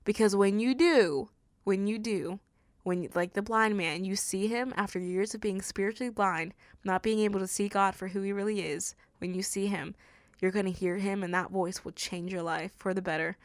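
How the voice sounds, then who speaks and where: A woman's voice: medium pitch, normal speed, no room sound. A woman hosting a faith podcast, speaking in an earnest, tender and emotional way, often saying "like". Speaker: podcast host. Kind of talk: heartfelt faith podcast monologue.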